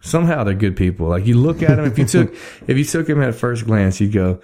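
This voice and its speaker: A man's voice: medium pitch, animated, fairly quick, mellow. A man, hosting a podcast in a rambling, laid-back way and laughing often. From Texas. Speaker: podcast host. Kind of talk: casual chat. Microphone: studio microphone.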